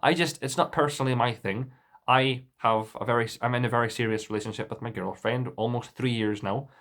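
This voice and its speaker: Young man, vlogger, earnest, rambling, mid-pitched voice. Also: fairly even intonation, a little fast, fairly bright tone. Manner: earnest, rambling with restarts and fillers. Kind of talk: casual talking-to-camera rebuttal.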